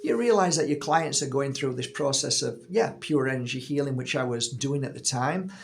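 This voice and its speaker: A man's voice: mid-range voice, normal speed, creaky. A man in his fifties, a healer and channel host, casually telling a personal story, rambling with frequent restarts.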